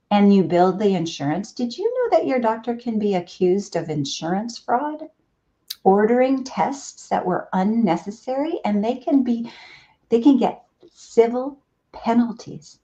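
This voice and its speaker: A middle-aged woman physician, appearing as a guest in a conversational interview, explains things earnestly and with emphasis. Her voice sits at medium pitch with a dark tone, and the audio is dull and lo-fi.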